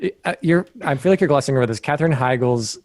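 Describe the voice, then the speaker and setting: Male podcast co-host, mid pitch, sarcastic riffing, dry close sound. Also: fast talker, darkish tone, dry recording. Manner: sarcastic, acts out quoted voices. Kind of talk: casual chat.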